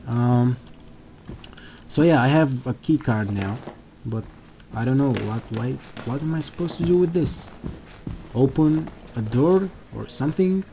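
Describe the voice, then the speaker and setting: A man hosting a let's play of a horror game, talking along excitedly, jumping at scares and swearing at them. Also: medium pitch, a little slow, pauses often, slight background noise. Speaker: gaming channel host.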